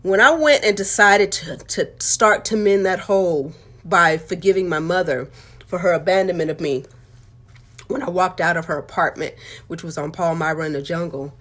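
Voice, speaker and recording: A woman's voice: lowish voice, normal speed, fairly bright tone. A woman and author telling her life story in a candid, heartfelt, conversational way. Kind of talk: candid personal testimony.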